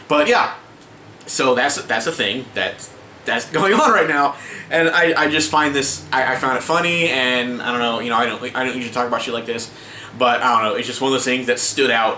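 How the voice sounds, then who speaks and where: A man's voice: medium pitch, moderate pace, pushed and bright. A man ranting casually to camera as a vlogger, exasperated and swearing, with many restarts and fillers. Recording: echoey room with faint ambient noise.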